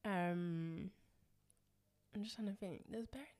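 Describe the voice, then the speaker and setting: A woman co-hosting a casual podcast chat, self-deprecating and quick to laugh. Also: medium pitch, a little mellow. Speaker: podcast co-host.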